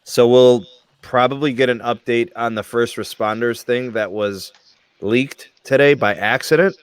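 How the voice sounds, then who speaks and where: A man's voice: medium pitch, fairly even intonation, measured pace, clear, resonant tone, no room sound. A man hosting a podcast, chatting casually and leaning on fillers like "you know.". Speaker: podcast host. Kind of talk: casual group chat.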